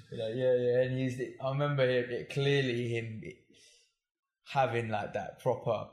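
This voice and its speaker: A man's voice: mid-range voice, steady tone, measured pace, long pauses, a little mellow. Rambling man in a roomy room. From north London. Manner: rambling, hesitant, lots of fillers. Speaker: guest. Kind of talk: casual interview chat. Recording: roomy echo.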